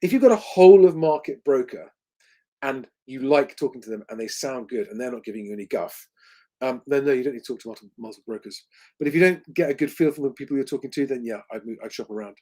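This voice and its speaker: A man's voice: mid-range voice, quick pace, warm tone. Guy doing a live q&a, casual and rambly, lots of ums, middle-aged sounding. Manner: conversational, rambling, frequent ums and restarts. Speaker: host. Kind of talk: livestream Q&A.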